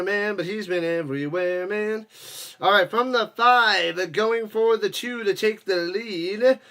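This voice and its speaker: A man with a high, forceful voice calls the game live for his stream. He chats casually with viewers between plays and erupts into shouts when something big happens. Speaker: watch-party streamer and host. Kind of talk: casual live play-by-play commentary.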